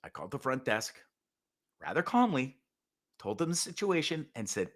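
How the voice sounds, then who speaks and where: A man hosting his own show, telling a story in a profane, animated rant with sudden loud outbursts. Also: mid-range voice, normal speed, long pauses. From Canada. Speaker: podcast host. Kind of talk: casual ranting monologue.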